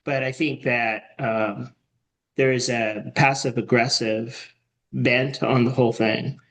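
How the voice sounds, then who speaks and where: Guy mulling over a story out loud, mid pitch, lots of ums and restarts. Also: steady tone, slow pace. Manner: thoughtful, rambling, many restarts. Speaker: writing workshop participant. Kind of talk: casual discussion.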